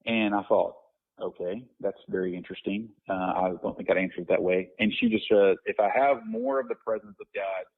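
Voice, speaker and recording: A low-voiced man with a husky edge tells a story, circling back on himself with restarts and fillers. He sounds reflective and unhurried. The audio is thin and tinny, like a phone line. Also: steady tone. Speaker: guest minister. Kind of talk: conversational podcast interview.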